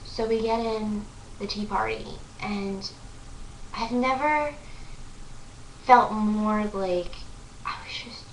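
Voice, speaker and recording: A young woman vlogger excitedly telling a story to the camera, gushing and full of "like" fillers. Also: mid-range voice, takes it slowly, pauses often, distant mic, a little hiss or hum. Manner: breathless, gushing, lots of "like" fillers. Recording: echoey room, voice off-mic.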